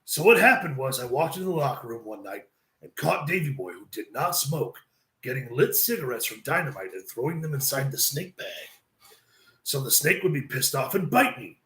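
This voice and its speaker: A man doing an impression of a gruff, profane veteran wrestler telling road stories in a low, slow drawl. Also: big pitch swings, fairly bright tone, roomy sound. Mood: mischievous.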